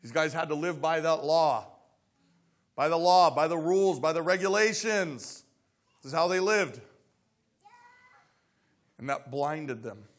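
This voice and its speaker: A man's voice: a little high, lively intonation, unhurried, pauses often. A man preaching a sermon, reading scripture aloud and explaining it, with frequent questions to the congregation. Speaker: pastor.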